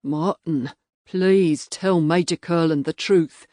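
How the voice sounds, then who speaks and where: A woman's voice: deep voice, slow, mellow, no echo, studio quality. A woman voicing a flustered middle-aged male farmer who stutters and pleads.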